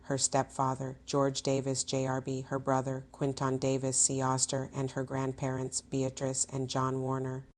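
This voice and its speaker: A woman's voice: rumbling low, a little mellow. A woman reads an obituary aloud at a memorial service, steadily listing the names of family members. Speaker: obituary reader.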